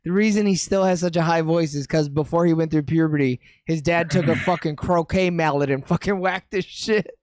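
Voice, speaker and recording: High-voiced man in crude banter. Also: brisk, few pauses, a little mellow, a little hiss or hum. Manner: crude, joking, profane banter. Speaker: podcast co-host. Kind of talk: casual chat.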